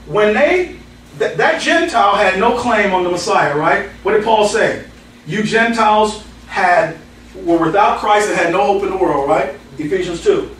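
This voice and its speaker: Speaking in a high voice, this pastor works through the Bible verse by verse, conversational in tone, mixing scripture quotes with anecdotes. The distant mic catches an echoey hall and slight background noise.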